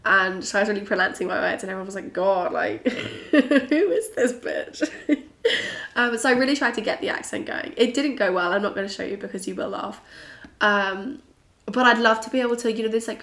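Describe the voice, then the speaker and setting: A young British woman hosting a casual solo podcast, bubbly and chatty with frequent giggles, her voice a little croaky and husky. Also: mid-range voice, a bit bright. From Britain. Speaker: podcast host. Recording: roomy echo.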